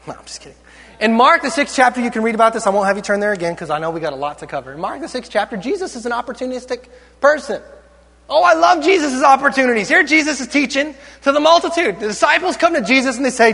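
A man's voice: very high voice, animated, quick pace, creaky, bright, forceful tone. A man preaching a sermon to a live congregation, playful and teasing in his asides. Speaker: pastor. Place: large church hall with live audience. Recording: long reverb of a large hall.

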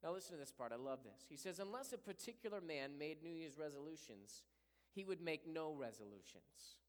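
A man's voice: fairly high pitch, expressive, a little fast. A man pastoring a church, leading a fervent prayer and preaching a sermon with repeated invocations. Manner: rising to impassioned preaching. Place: church sanctuary. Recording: long hall reverb.

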